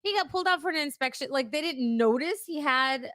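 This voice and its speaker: A woman co-hosting a podcast, animated and teasing, quick with jokes. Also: sits high, no room sound, clean studio sound. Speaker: podcast co-host. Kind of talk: casual chat.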